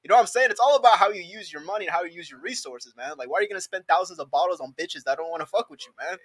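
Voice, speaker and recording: A man's voice: high-pitched, animated, very fast, fairly bright tone, no room sound. A man in a studio podcast, speaking earnestly in casual talk, often saying "you know what I'm saying".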